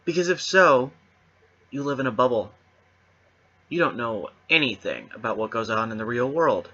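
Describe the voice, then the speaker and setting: A man's voice: medium pitch, lively intonation, moderate pace, bright, forceful tone, highs cut off. A man hosting his own channel, delivering a sarcastic, emphatic monologue straight to the camera. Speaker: channel host.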